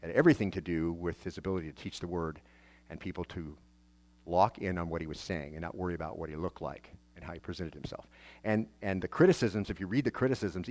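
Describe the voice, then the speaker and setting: Low-voiced man preaching a conversational sermon. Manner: preaches in a conversational way, with many restarts and rhetorical questions. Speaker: pastor.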